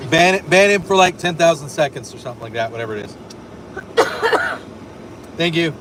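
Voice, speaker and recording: A man's voice: a little high, lively intonation, normal speed. A man hosting a casual livestream from a car on a road trip, chatting and moderating his chat. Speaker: streamer host. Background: car noise.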